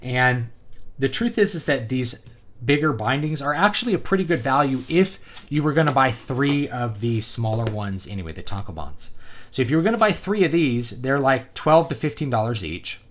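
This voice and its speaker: A man in a casual review video, giving his opinions on a printed book. He talks conversationally and fills the pauses with ums and uhs. His pitch sits in an ordinary middle range. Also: big pitch swings. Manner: conversational, opinionated, many fillers. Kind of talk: casual product review vlog.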